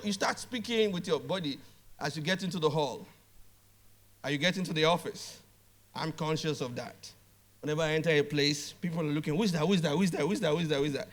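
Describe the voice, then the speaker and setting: A man's voice: high-pitched, a bit bright. A man speaking at a business conference, emphatic and direct, repeating phrases and calling out to the audience. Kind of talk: motivational conference talk. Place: conference hall.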